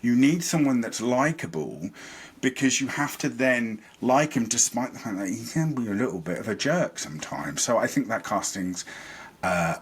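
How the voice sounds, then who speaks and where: A man's voice: medium pitch, expressive, normal speed, slightly rough. A man, a podcast guest, chatting casually and rambling about things he is a fan of. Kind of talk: casual chat.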